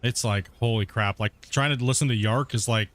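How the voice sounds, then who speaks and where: Chatty gamer dude. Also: male voice, medium pitch, fairly quick, fairly bright tone. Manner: chatty, rambling, laughs often, says "dude". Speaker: gaming streamer. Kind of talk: casual let's-play commentary.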